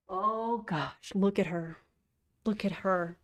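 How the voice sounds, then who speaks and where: A woman's voice: medium pitch, steady tone, slow. A woman hosting a casual livestream, chatting to viewers and cooing to her cat. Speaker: streamer host.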